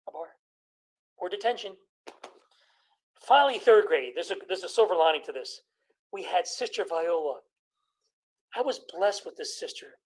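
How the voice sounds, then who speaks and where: Man in his sixties, stand-up comedian, high voice, storytelling jokes. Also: rough recording. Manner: storytelling with quick jokes and impressions of family.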